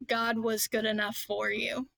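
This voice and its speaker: A woman guest on a podcast, talking earnestly and quickly in casual chat, with small laughs between thoughts. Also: a little high, flat delivery, creaky, fairly bright tone, dry recording. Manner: quick, earnest, laughs lightly mid-sentence. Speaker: podcast guest, children's book author.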